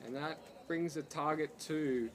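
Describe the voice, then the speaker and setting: A man doing live commentary on an amateur cricket match, building to shouts on big hits. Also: on the high side, steady tone, a little slow, a little hiss or hum.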